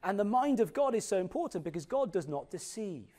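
A middle-aged man preaching with a fairly high voice. He talks expressively, then slows and softens to stress scripture. A sermon voice. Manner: expressive, drops to slow quiet emphasis on scripture.

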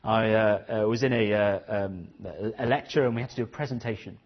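A man's voice: lowish voice, steady tone, a little fast, lo-fi sound. A man preaching a sermon, earnest and questioning, often repeating his phrases.

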